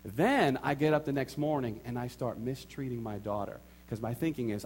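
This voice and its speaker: A man preaching a sermon, telling a personal story with animated acted-out quotes and repeated phrases for emphasis. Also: medium pitch, normal speed, few pauses, a little hiss or hum. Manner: animated storytelling, acts out his own and others' quotes. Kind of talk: sermon testimony.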